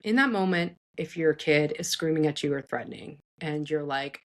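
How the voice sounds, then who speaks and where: Female psychologist host, somewhat low voice; earnest, animated, casual advice with frequent self-corrections. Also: moderate pace, hardly any pauses. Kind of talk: casual advice talk for parents.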